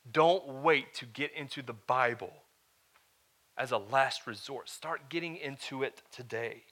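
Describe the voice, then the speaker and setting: A man preaching as a pastor, moving from loud, emphatic lines to quieter, earnest teaching and asking his listeners "all right?". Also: medium pitch, a little slow. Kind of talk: sermon.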